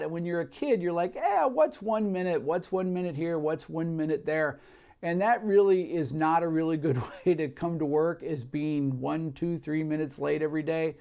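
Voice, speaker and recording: Middle-aged guy, bit of fry in the voice, chatting about his career, lots of uhs and restarts. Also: on the high side. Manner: relaxed, many fillers and restarts. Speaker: marketing director. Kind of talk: interview, career story.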